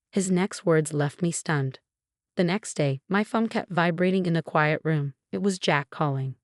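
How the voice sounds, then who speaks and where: A woman reading a first-person story in a steady, scripted narration. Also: low voice, a little slow, dry recording, clean studio sound.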